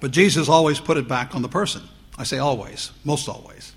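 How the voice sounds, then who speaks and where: A man preaching a sermon, teaching slowly through Bible verses and lifting his voice on the quoted lines. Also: mid-range voice, animated, husky, soft background music. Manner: slow, deliberate Bible teaching with rising emphasis on quotes.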